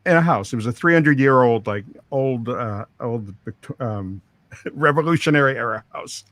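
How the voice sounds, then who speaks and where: Brief: middle-aged male producer, anecdotal, dry mic, mid-pitched. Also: animated, normal speed, fairly bright tone, no echo. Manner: rambling anecdotes with quoted dialogue and laughs. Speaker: record producer, interview guest. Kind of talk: storytelling interview.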